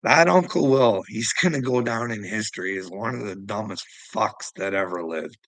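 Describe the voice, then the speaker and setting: Gravelly, profane middle-aged man ranting. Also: fairly low pitch, normal speed, fairly bright tone, no room sound, poor audio. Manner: profane, agitated. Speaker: vlogger. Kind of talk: ranting vlog monologue.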